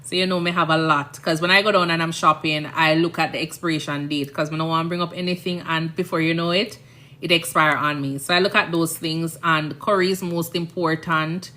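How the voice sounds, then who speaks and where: A woman's voice: deep voice, fairly even intonation, brisk, sharp tone. A woman in her thirties with a Jamaican accent, a nurse chatting casually on a live stream, rambling and often asking "you understand?".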